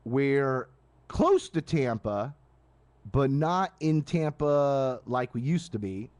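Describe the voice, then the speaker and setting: Male radio host, late-night live rant, animated pitch, casual and rambling. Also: slow pace. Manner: animated, casual, frequent restarts and asides. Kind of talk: live ranting monologue. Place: live stream studio at night.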